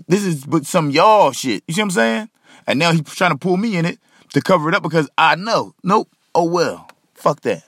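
Gravelly, animated man ranting. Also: on the high side, no room sound, clean studio sound. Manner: profane, blunt ranting, talks straight to listeners. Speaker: podcast host. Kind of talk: solo podcast monologue.

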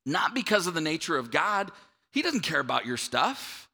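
Bright, animated man preaching. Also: a little high, normal speed, vocal fry, breathy edge. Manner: conversational, animated, asks the room "right?". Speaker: pastor. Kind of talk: sermon. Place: church auditorium with audience.

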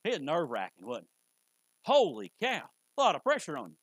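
A man preaching in a high, bright-edged voice, folksy and conversational, now and then jumping into loud bursts. The sound is close and dry, with little room around it. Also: huge pitch swings, quick pace, no echo, low-quality recording. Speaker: pastor. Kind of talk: sermon. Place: church sanctuary.

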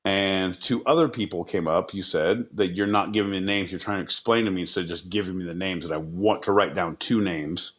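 A man's voice: deep voice, brisk, few pauses, a bit bright, muffled recording. A man co-hosting a casual podcast, joking and swearing, often acting out silly voices. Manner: joking, profane, acts out mock voices. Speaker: podcast co-host.

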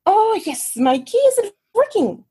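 A woman voicing a tipsy, flirtatious Swedish woman in a put-on Swedish accent, pitched high and sing-song. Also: very animated, takes it slowly, warm tone, heavily acted. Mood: flirty tipsy.

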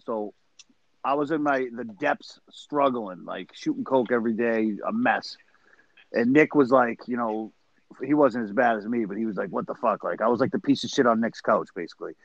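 A man's voice: medium pitch, moderate pace, no room sound, highs cut off. A man telling wild stories in a casual, profane chat among brothers. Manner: profane, animated storyteller. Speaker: podcast co-host.

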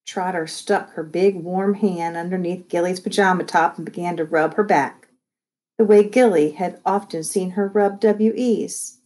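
A woman reading a novel aloud as narrator, gentle and measured. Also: lowish voice, fairly even intonation. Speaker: audiobook reader.

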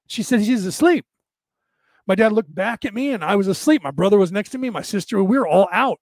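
A man with a fairly high voice talks to his viewers in a casual, rambling way. He keeps checking in with "right?" The sound is dry and close. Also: expressive, fast, no room sound. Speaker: spiritual talk host answering viewers. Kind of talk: casual storytelling and explanation.

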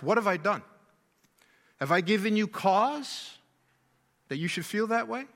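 High bright-voiced man preaching in a hall. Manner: emphatic, repeats key words and asks rhetorical questions. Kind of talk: sermon.

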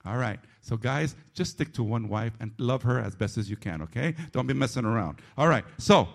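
A man preaching a sermon as pastor of a church, animated and self-mocking, swinging between loud emphasis and low asides. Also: brisk, vocal fry.

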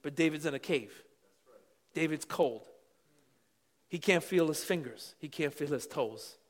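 A middle-aged man preaching a sermon with passion, dropping to quiet asides and then rising to shouts. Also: a little high, measured pace. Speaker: pastor.

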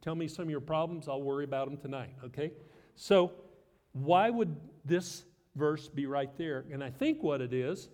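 Joking pastor preaching in a reverberant hall. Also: male voice, a little high, moderate pace, a little mellow. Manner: conversational, self-deprecating humor. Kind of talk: sermon.

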